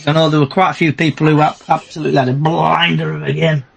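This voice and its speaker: A man's voice: on the high side, flat delivery, fast talker, gravelly, a crowd in the background. A man hosting a casual football podcast, chatting and reading out match stats in bursts. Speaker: podcast host.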